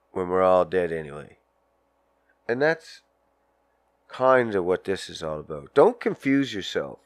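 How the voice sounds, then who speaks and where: A man's voice: fairly low pitch, no echo. A man hosting a casual podcast, ranting in a crude, profane, rambling way and acting out little scenes while smoking a joint. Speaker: podcast host. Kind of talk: casual solo podcast rant.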